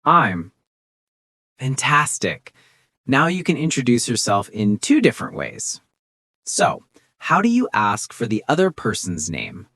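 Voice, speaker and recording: In a fairly bright tone, an English teacher runs through a scripted beginner lesson, the pitch swooping wildly as it rises and falls. The encouragement is constant, and example phrases are articulated slowly and distinctly. It's recorded close and dry, with no reverb from the room.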